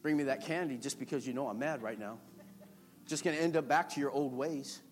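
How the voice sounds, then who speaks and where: A man's voice: mid-range voice, a little fast, pitched below the performer's own voice, natural voice. A man voicing a fed-up wife who doubts her husband will change, grumbling and skeptical.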